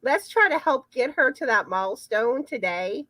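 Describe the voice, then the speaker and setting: A woman's voice: fairly high pitch, animated, normal speed, bright, forceful tone, dry recording. A woman hosting a casual live chat, chatty and often repeating words as she starts a sentence. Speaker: livestream host.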